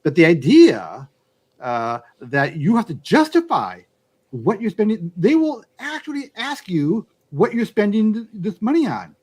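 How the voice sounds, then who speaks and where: A man with a fairly high, widely swinging voice talks in a loose, casual chat. He stumbles through restarts and fillers, then lands each point with firm emphasis. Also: wildly swooping pitch, measured pace, a little mellow, breathy edge. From United States. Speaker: YouTube channel host.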